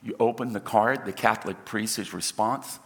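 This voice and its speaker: A man's voice: lowish voice, normal speed. A middle-aged male pastor preaching a sermon, acting out dialogue and joking with the congregation. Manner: animated preacher, acts out dialogue and jokes with the crowd. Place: church auditorium. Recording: long hall reverb.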